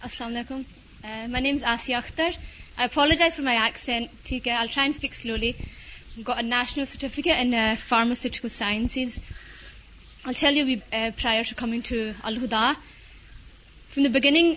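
A woman's voice: a little high, fairly even intonation, fairly quick, pushed and bright, dull audio, a little hiss or hum. A young woman with a Scottish accent giving a personal testimony in a chatty way, full of fillers and with Urdu words mixed in.

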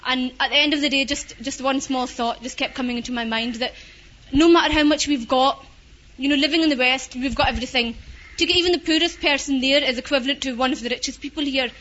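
A woman's voice: high-pitched, fast talker, a bit bright, lo-fi sound. A young woman with a Scottish accent giving a personal testimony in a chatty way, full of fillers and with Urdu words mixed in.

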